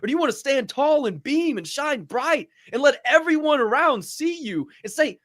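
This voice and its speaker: Animated swearing man hosting a podcast. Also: very high voice, moderate pace. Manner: animated, swaggering, profane, acts out little scenes in other voices. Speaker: podcast host. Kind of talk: motivational podcast talk.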